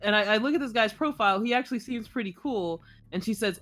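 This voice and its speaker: A woman's voice: on the high side, quick pace, hardly any pauses, faint music behind. A young woman chatting casually as co-host, telling rambling stories with lots of laughter. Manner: giggly, rambling, animated storytelling. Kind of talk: casual chat.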